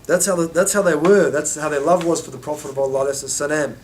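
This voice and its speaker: Man teaching, animated storytelling. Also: fast talker. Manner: acts out quoted voices with rising pitch, many restarts. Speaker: religious teacher. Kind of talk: informal lesson storytelling.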